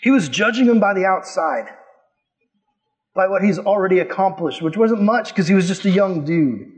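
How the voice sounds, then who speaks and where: A man's voice: high-pitched, lively intonation, moderate pace. A man preaching in a casual, slangy, playful way, retelling a Bible story as a youth pastor.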